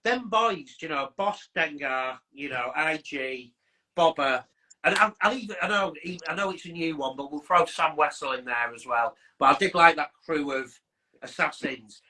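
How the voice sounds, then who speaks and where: A man's voice: fairly high pitch, moderate pace, sharp tone, low-quality recording. A man co-hosting a podcast, chatting enthusiastically with trailing restarts. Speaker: podcast co-host. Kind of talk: casual chat.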